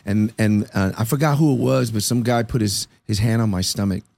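A man's voice: fairly low pitch, brisk, gravelly, dry recording. A middle-aged man, an interview guest telling stories in casual talk and acting out the people he quotes. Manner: animated storyteller acting out quoted dialogue.

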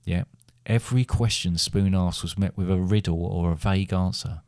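A middle-aged man reading a comic fantasy story aloud in a wry, deadpan way. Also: low voice, normal speed, dry recording, studio quality. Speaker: podcast co-host, father.

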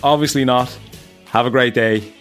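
A man's voice: mid-range voice, steady tone, normal speed, soft background music. A man hosting a podcast, wrapping up in a friendly, chatty way and laughing often. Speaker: podcast host. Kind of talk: casual podcast outro.

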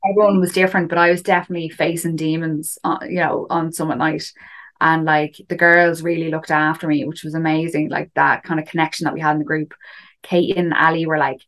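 A woman's voice: sits low, level tone, fairly quick, a bit bright. A woman telling a story in a casual chat, full of fillers and asides. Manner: chatty, frequent fillers and "do you know". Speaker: guest recounting a climb.

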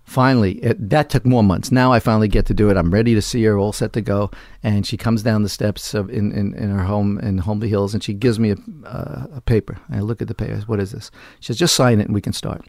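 A man's voice: fairly low pitch, steady tone, quick pace, vocal fry, few pauses, darkish tone, no echo, studio quality. A man telling a long anecdote in an interview, acting out quoted lines in other voices. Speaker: interview guest. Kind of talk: conversational storytelling.

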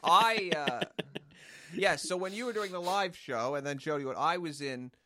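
A man's voice: on the high side, moderate pace, dry recording. A man co-hosting a podcast, telling an indignant story in casual chat. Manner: animated, indignant anecdote telling. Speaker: podcast co-host.

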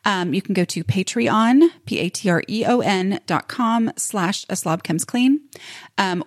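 Podcast host: woman, mid-pitched, chatty and rambling, dry close-mic sound. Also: no echo. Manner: chatty, rambling, with many fillers and restarts. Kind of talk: casual podcast intro.

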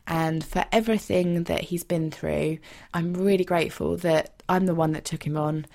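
A woman's voice: fairly low pitch, steady tone, moderate pace, gravelly. Heartfelt woman telling a story. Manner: heartfelt, emotional, gentle. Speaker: podcast host. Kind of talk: personal storytelling monologue.

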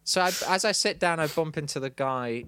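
A middle-aged man from Manchester, England, with a Mancunian accent co-hosts a podcast and tells comic stories in a wry, sardonic way, slipping into mocking impressions. His voice is a little high and a little fast, with a sharp, clean tone and no echo.

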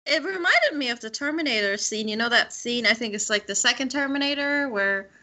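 A woman's voice: a little high, lively intonation, a little fast, sharp tone, a little hiss or hum. A woman co-hosting a podcast, talking about a movie bluntly and with a lot of swearing. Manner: blunt and profane. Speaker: podcast co-host. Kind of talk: casual chat about a movie.

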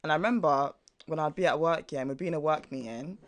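A young man talks fast in a casual podcast chat, his voice sitting a little high. He is animated and laughs easily, with the odd casual swear. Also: a little hiss or hum. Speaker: podcast co-host.

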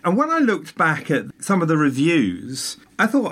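A man chatting casually, telling a long story with animated asides and tangents. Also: fairly high pitch, a little slow, hardly any pauses. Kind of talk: casual chat.

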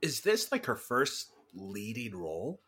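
A man co-hosting a podcast in relaxed chat. His intonation swings widely and lively up and down. He jokes constantly and slips into little bits. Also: mid-range voice, husky. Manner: animated, jokey, quick to slip into bits. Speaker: podcast co-host. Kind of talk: casual chat.

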